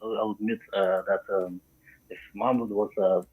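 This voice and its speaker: Halting male caller, low and husky, over a tinny phone line. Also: fairly even intonation. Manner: hesitant, halting, many fillers. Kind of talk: phone call.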